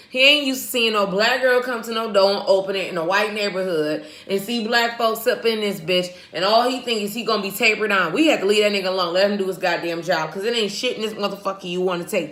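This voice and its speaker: An American woman vlogger giving blunt, profane, animated commentary to her viewers. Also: medium pitch. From United States. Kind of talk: ranting commentary. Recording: echoey room.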